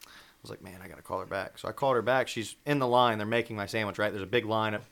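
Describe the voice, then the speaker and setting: A man's voice: lowish voice, fairly even intonation, fast talker, a bit bright. A man in his twenties, a podcast co-host, telling joking stories in a laid-back, casual chat. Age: 20s.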